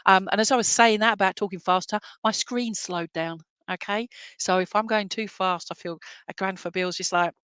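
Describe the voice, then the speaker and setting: A woman's voice: mid-range voice, moderate pace, fairly bright tone, clear, resonant tone, no room sound. A woman working as a spiritualist medium, giving a rambling, chatty clairvoyance reading over a video call and checking in with the sitter as she goes. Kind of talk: clairvoyance reading in an online service.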